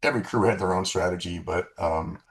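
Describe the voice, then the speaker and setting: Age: 60s. Sex: man. Role: retired pilot, interview guest. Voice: lowish and gravelly. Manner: easygoing storytelling, lots of restarts, salty language. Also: fairly quick. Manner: relaxed anecdotes with frequent restarts and profanity. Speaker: former fighter-bomber pilot, guest.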